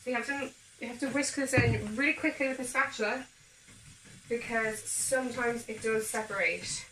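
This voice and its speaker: A home baking vlogger chats upbeat to her viewers, walking them through each step in her kitchen as a casual cooking demo. Her voice sits on the high side with fairly even intonation, a sharp tone and normal speed. The kitchen is echoey, the mic a bit far off, with slight background noise.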